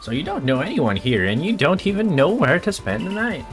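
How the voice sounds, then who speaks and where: A man's voice: fairly high pitch, very animated, brisk, faint music behind, voice pushed up. A man voicing a polite, fussy, genteel professor who speaks in courteous, old-fashioned phrases.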